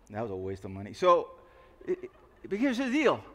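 A man's voice: a little high, wildly swooping pitch, a little slow, creaky, pauses often, fairly bright tone. A man in his sixties preaching a sermon, telling confessional stories with self-mocking humor. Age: 60s. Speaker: pastor. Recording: long reverb of a large hall.

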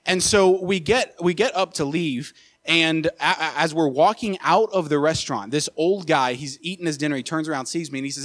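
A young man preaching, telling a personal story in an animated way, with many filler uhs and repeated words. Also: a little high, brisk. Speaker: associate pastor. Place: church sanctuary.

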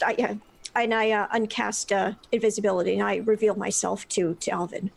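A woman's voice: medium pitch, flat delivery, fairly quick, creaky, rough recording. A woman playing her character in a tabletop game, hesitant and stammering. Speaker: player.

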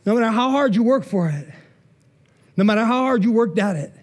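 A man's voice: sits high, expressive, a little fast. A man preaching a sermon in a casual, conversational way, full of asides and rhetorical questions. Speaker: pastor.

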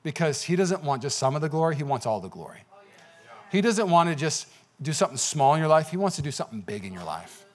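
A man preaching a sermon in a church, keeping it casual and peppered with quick "okay?" checks to the room. His voice sits somewhat high for a man. Soft music plays faintly underneath. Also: sing-song. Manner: conversational, lots of "okay?" asides. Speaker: pastor. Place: church sanctuary.

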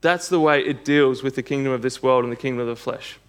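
A man's voice: medium pitch, quick pace, clear, resonant tone. A man preaching a sermon and reading scripture aloud, earnest and emphatic, building to bursts of intensity.

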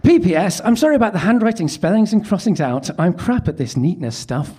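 Male stand-up, higher-pitched, dry self-deprecating delivery. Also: big pitch swings, brisk, dark tone, husky. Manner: self-mocking, wry asides. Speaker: comedian. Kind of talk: stand-up reading his teenage love letter.

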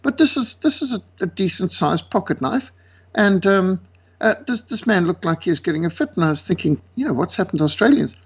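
A man from South Africa with a South African accent, a guest speaker telling lively stories and acting out the voices of the people in them. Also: high voice, brisk, slightly rough. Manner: lively, acts out quoted voices. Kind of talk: animated storytelling. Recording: dull lo-fi sound.

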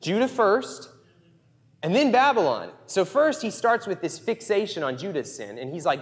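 A man with a slightly high voice preaches in a relaxed, chatty way and leans hard on his key points. His words ring out with a long reverb tail, as in a church sanctuary. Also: normal speed. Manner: conversational, emphatic preaching. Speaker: pastor. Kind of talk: sermon.

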